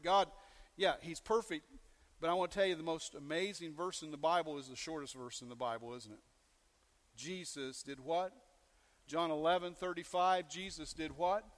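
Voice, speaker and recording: A male pastor preaching a sermon, animated, often checking in with the congregation with questions. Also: on the high side, big-room sound.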